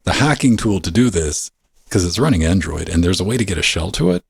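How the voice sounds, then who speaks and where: A man with a deep, gravelly and husky voice hosts a podcast, talking casually and swearing with a wisecracking edge. His voice sits close and dry on a studio microphone. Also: sing-song, fairly quick, dry recording. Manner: profane, wisecracking. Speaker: podcast host. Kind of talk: casual chat.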